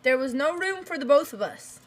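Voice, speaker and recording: A young woman streaming chess, chatting casually and teasing with quick interjections. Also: high voice, expressive. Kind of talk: casual chat while playing chess.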